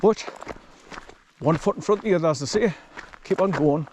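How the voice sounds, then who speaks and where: A man's voice: on the high side, moderate pace, darkish tone, slight background noise. Chatty older man walking outdoors. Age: 60s. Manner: rambling and chatty, swears casually. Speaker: vlogger. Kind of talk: casual walking vlog. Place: outdoors in quiet countryside.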